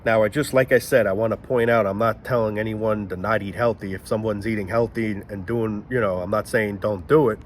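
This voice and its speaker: A man's voice: lowish voice, fairly even intonation, fairly quick, few pauses, slight background noise. A man in a casual, rambling monologue, often stopping to search for the right word. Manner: rambling, searches aloud for words. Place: outdoors near planes and traffic.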